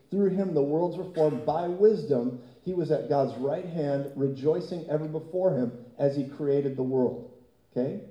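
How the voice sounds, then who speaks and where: A man preaching a sermon as pastor, telling an animated story and often laughing. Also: on the high side, reverberant, dull audio.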